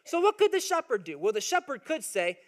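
A young man preaching a sermon in a conversational, animated way, often checking in with his listeners. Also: very high-pitched, a little fast. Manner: conversational, animated storytelling with frequent "right?" asides. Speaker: pastor.

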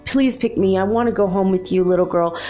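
A woman's voice: medium pitch, fairly quick, warm tone, faint music behind, close to an everyday voice. A woman voicing a lonely little boy figurine on a lamp, begging to be picked. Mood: pleading. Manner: begging, wheedling.

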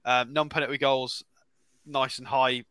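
Bright-voiced man rambling through football stats. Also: mid-range voice, little pitch movement, a little slow, clean tone, no echo. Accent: English. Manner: rambling stats talk with fillers. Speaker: podcast co-host. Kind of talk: casual football chat.

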